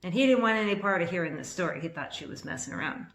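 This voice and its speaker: A woman in her fifties telling a personal story to camera in an excitable, rambling way, a little nervous, with restarts and bursts of laughter. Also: fairly low pitch, very fast, vocal fry. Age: 50s. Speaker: vlogger. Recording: echoey room.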